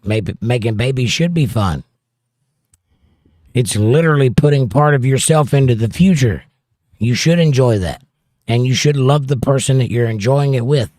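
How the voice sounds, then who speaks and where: A man at a middle pitch hosts a relaxed livestream, reading viewers' comments out loud and riffing on each one. His voice sits close and dry, with no room sound around it. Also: normal speed, dry recording. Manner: reads viewer comments aloud and riffs on them. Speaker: livestream host reading chat. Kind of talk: casual livestream chat.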